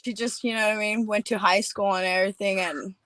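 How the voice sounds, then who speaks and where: A woman from New Mexico, a fighter guesting on a podcast, chatty and quick to laugh. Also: mid-range voice, steady tone, a bit bright, no room sound, rough recording. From New Mexico, USA. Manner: chatty, laughs often, "you know what I mean". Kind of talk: casual interview chat.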